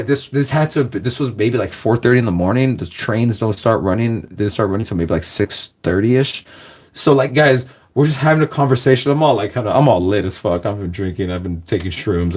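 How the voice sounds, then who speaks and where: A man's voice: medium pitch, darkish tone. A young man telling a long, rambling story in a loose, casual way, full of "like" and "guys" and bursts of laughter.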